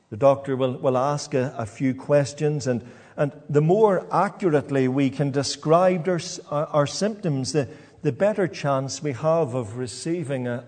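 A man preaching a sermon in a church, halting and repeating words as he talks. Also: medium pitch, a little mellow, in a large hall.

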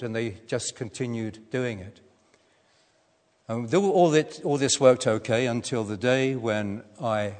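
An older man preaching a sermon, telling a personal story in a measured way with gentle humour. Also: mid-range voice. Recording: echoey hall.

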